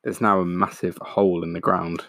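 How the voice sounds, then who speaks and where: A man reading a children's picture book aloud, steady and expressive. His low voice has a gravelly fry, and the sound is dry and close. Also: normal speed, dry recording. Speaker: storyteller.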